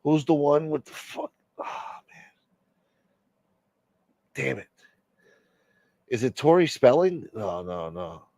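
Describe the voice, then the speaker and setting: A man's voice: medium pitch, very animated, slow, vocal fry, long pauses, a little mellow, dry recording. A man hosting a casual live-stream chat, rambling, profane and opinionated. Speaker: livestream host.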